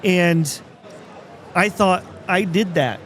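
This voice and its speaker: Male podcast host, fairly high voice, reflective, faint traffic behind. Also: extremely slow, fairly bright tone. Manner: affirming listener, reflective. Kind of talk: casual chat.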